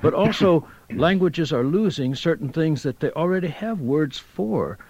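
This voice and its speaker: A man's voice: a little high, lively intonation, measured pace, a little mellow, no room sound, highs cut off. Older tennessee guy telling stories on a radio show, dry audio. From Tennessee, USA. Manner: chatty, telling anecdotes, chuckling. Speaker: linguistics professor guest. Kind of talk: conversational talk.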